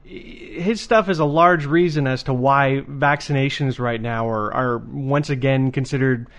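A man's voice: mid-range voice, measured pace, fairly bright tone. A man co-hosting a podcast in casual chat, earnest, often repeating words as he thinks. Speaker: podcast co-host.

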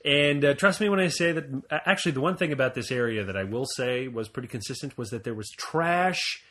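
A man from Montreal co-hosting a casual podcast, telling stories with jokes and lively asides. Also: medium pitch, brisk. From Montreal, Canada. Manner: joking, animated storytelling. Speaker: podcast co-host.

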